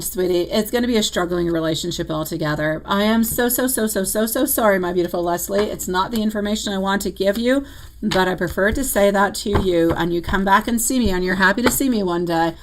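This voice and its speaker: A warm-toned woman doing live tarot readings, talking straight to her viewers in a loose, chatty way. She leans on endearments like sweetie and my love, laughs easily, and her voice jumps up high when she gets excited. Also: noisy background. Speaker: tarot reader. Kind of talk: live-stream chat and readings.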